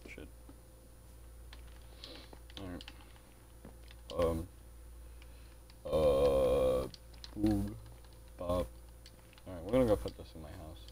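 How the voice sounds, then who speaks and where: A man's voice: deep voice, extremely slow, long pauses, mellow, slight background noise. A man giving casual gameplay commentary as a channel host, grumbling, swearing a lot and saying dude.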